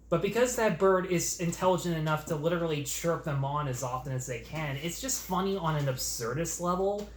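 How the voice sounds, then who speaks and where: A man co-hosting a show, chatting casually and rambling through opinionated points. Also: fairly high pitch. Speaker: podcast co-host. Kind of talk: casual film chat. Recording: roomy echo, faint noise.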